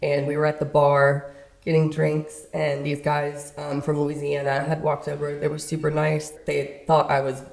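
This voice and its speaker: A woman with a notably low voice co-hosts a podcast, spinning stories in a loose, chatty way. She laughs often and acts out what others said. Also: moderate pace, creaky. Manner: animated, laughing, acts out quotes. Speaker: podcast co-host. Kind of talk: casual storytelling chat.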